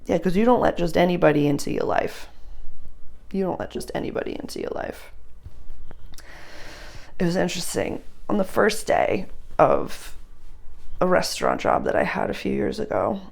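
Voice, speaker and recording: A woman's voice: on the low side, big pitch swings, moderate pace, vocal fry, pauses often, darkish tone. A woman giving a casual, chatty astrology reading, speaking straight to the listener and sometimes dropping to a whisper. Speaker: astrology reader.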